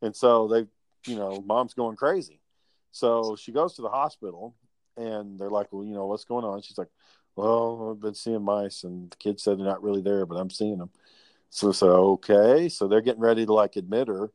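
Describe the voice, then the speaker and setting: A man telling work stories in casual chat, animated and profane, acting out the people he quotes. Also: lowish voice, moderate pace, no echo.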